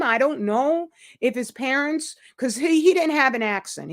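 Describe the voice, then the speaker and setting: A woman hosting her own channel, talking to viewers in a casual, rambling monologue, blunt and emphatic, breaking into sudden laughs. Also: fairly high pitch. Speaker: channel host.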